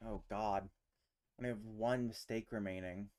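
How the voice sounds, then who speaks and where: A man's voice: on the low side, fairly even intonation, normal speed, a little mellow. A man streaming alone, thinking aloud as he works through a word puzzle, muttering and trailing off into questions to himself. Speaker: streamer hosting a casual language chat.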